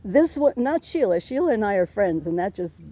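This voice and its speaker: A middle-aged woman with a soft, mellow tone pours out a complaint to an officer. She rambles and circles back, restarting sentences and cursing out of frustration. The delivery stays in an ordinary middle pitch, worn down and aggrieved. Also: sing-song, moderate pace. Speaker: tenant reporting harassment to police.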